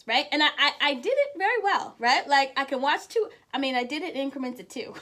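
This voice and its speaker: A high-pitched woman hosts a casual, inspirational live stream. She is chatty and laughs often as she speaks straight to her viewers, calling out their names. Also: expressive, fast, hardly any pauses, bright, forceful tone. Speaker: host of a weekly live show.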